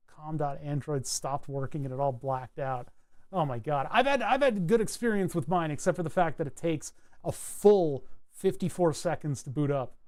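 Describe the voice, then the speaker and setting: A man's voice: on the high side, a little mellow. A man chatting casually on a live stream while designing a circuit board, rambling with wry asides and frequent self-corrections.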